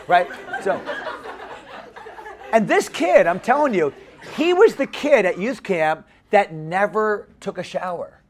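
A man's voice: high voice, slow pace. A man from the United States, a pastor preaching a funny story sermon and repeating phrases for effect. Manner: animated, comic, repeats phrases.

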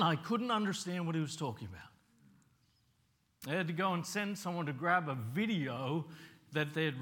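With a fairly high, somewhat bright voice, a middle-aged man who grew up in Papua New Guinea preaches a conversational, storytelling sermon and puts questions to the congregation.

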